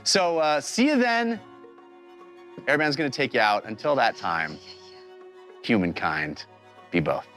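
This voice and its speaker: A man's voice: mid-range voice, a little slow, pauses often, faint music behind. A man hosting and running a tabletop game, talking casually with laughs and many fillers. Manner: animated, laughing, full of fillers. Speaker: game master and host. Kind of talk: tabletop game show wrap-up.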